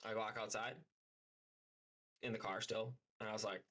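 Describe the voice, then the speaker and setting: Young guy ranting thru a story, swears a ton, says like constantly, lowish voice w a sharp bright edge. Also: fairly even intonation, normal speed, rough recording. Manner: profane, rambling, heavy use of "like". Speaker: streamer. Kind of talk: casual storytelling.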